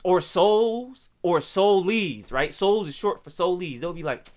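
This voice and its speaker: Young man, Pittsburgh accent, streamer, casual slang, fairly high voice. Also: lively intonation, unhurried, few pauses, a little mellow. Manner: slangy, loose street talk, keeps checking in with "right?". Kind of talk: casual explainer to viewers.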